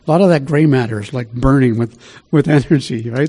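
Mellow-voiced man preaching a sermon. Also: mid-range voice, brisk, slightly rough. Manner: conversational, asks the listeners questions. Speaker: pastor. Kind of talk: sermon Bible teaching.

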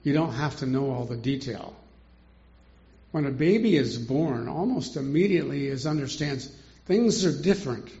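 A man's voice: medium pitch, moderate pace, vocal fry, warm tone. An older man teaching a Bible study in a chatty way, asking rhetorical questions and chuckling often, on a dull lo-fi recording.

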